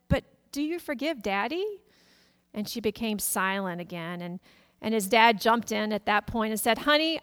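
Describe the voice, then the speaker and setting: A woman pastor preaching a sermon, gently retelling a family story to her congregation. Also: medium pitch. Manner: gentle storytelling, quoting family members softly.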